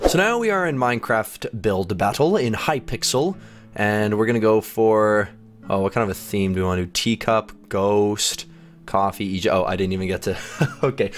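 A man giving casual gameplay commentary as a video host, chatty and self-mocking, laughing often as he goes. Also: fairly low pitch. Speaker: gaming YouTuber.

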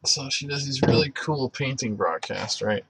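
A man hosting a livestream, praying and then chatting with viewers, halting with many fillers and restarts. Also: medium pitch, heavy background noise. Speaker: livestream host. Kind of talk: closing prayer and live chat with viewers.

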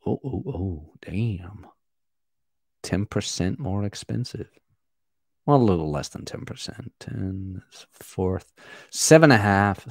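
A man's voice: sits low, creaky, no echo, studio quality. A man hosting a casual livestream podcast, rambling as he reads and answers chat comments. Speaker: podcast host.

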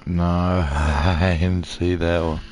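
A man's voice: sits low, level tone, slow, music in the background. A man casually commenting on his gameplay in a laid-back way, muttering little sound effects to himself as he plays. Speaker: let's play gamer.

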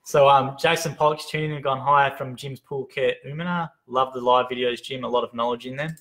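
A man's voice: medium pitch, fairly even intonation, a little fast, fairly bright tone. A man co-hosting a live stream from an office desk, cheerfully reading out viewer comments and names, sometimes stumbling over how to pronounce them. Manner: upbeat, reads names aloud, stumbles on pronunciations. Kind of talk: casual live-stream chat. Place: open-plan head office.

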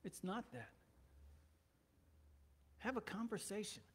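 A man's voice: high-pitched, big pitch swings, takes it slowly, breathy edge. A man preaching a sermon as pastor of a church, talking in a conversational way with joking asides.

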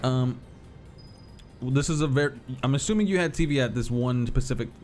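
Streaming a video game, a man in his thirties offers casual commentary in a medium-pitched, darkish voice at a slightly fast pace. He laughs easily, swears offhandedly, and wanders through long stories as faint music plays in the background.

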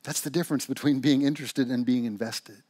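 A man's voice: mid-range voice, a little fast, dry recording. A man preaching a sermon in church, telling stories and asking rhetorical questions. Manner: animated storytelling with rhetorical questions. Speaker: pastor.

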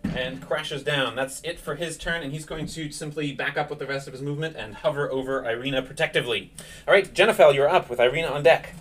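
A man narrating as game master of a tabletop game, relaxed and full of fillers. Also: fairly high pitch, fast, distant mic, a little hiss or hum.

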